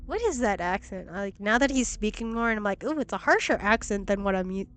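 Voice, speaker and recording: A young woman streaming a video game who gushes excitably, swears freely, and reads the game text aloud. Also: mid-range voice, fast, soft background music. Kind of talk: casual gameplay commentary. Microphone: laptop stream mic.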